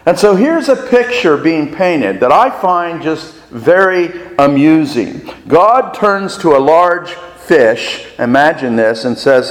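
A man preaching a sermon as pastor, deliberate and fond of rhetorical questions and repetition, in a reverberant church sanctuary. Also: a little high, expressive.

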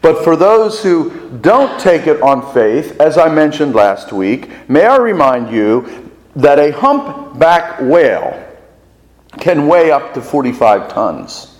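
A male pastor preaches slowly and deliberately, leaning on rhetorical questions and repetition. His pitch swings widely and sits slightly high for a man. The sound rings on in a long, echoing church hall. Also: sing-song, darkish tone. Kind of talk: sermon. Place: church sanctuary.

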